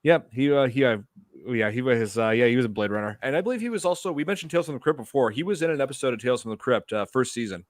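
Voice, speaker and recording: A man's voice: mid-range voice, animated, racing, dry recording. A man co-hosting a podcast, talking casually and hesitantly with many fillers. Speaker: podcast co-host.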